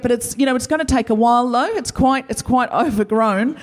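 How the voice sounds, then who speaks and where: A woman's voice: a little high, fairly quick. A woman from Australia hosting a live show, telling self-mocking comic stories in a chatty way. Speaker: podcast host. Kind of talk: live stand-up comedy monologue.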